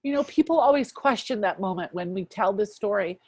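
A woman's voice: medium pitch, lively intonation, fairly quick, breathy edge, no room sound. Earnest woman in her fifties, dry sound. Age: 50s. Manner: earnest, reflective, often softening to a hush. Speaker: interview guest. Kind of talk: personal faith testimony.

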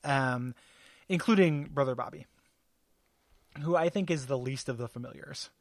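A man's voice: mid-range voice, normal speed, gravelly, dry recording, studio quality. A man co-hosting a podcast in casual chat, hesitant and full of fillers, laughing easily. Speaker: podcast co-host.

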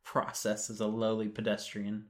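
A woman's voice: extremely low pitch, monotone, moderate pace. A woman co-hosting a casual chat, making dry, wry remarks and often giving short agreements.

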